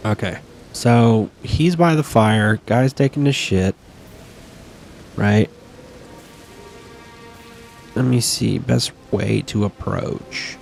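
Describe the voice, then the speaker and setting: A man's voice: lowish voice, takes it slowly, vocal fry, long pauses, a little mellow, faint music behind. A man casually commentating his own game, chatty and swearing, talking back at enemies and sniffling near his desk mic. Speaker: gaming streamer.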